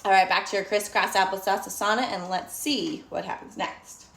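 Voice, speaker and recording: A woman's voice: medium pitch, fairly even intonation, moderate pace, gravelly, a bit bright, echoey room, far from the mic. A woman teaching a storytime yoga lesson to children, encouraging them, asking them questions and praising them.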